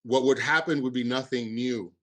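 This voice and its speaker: A man with a Cuban accent, a festival producer, talking in a halting podcast interview with many restarts and fillers. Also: mid-range voice, steady tone.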